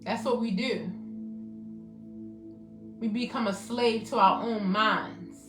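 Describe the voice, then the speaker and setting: A woman's voice: a little high, fairly even intonation, slow. A woman hosting a motivational self-help talk, emphatic and repetitive, speaking directly to her viewers by name. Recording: roomy echo, faint music behind.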